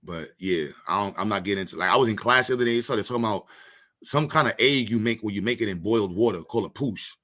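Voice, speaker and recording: Fast-talking and sharp in tone, this host from Brooklyn, New York has a fairly low voice. His casual chat is comedic, packed with jokes, laughter and loose slang.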